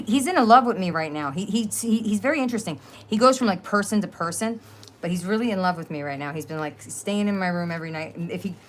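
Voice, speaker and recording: Chatty New Jersey woman, lowish voice. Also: a little hiss or hum. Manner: chatty, rambling, laughs often. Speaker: crafting livestream host. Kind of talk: casual live-stream chat.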